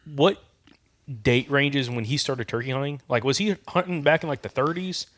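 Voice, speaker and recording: A man's voice: mid-range voice, moderate pace, fairly bright tone. A male podcast host with an ordinary mid-range voice. He asks questions eagerly and casually, often with fillers and restarts.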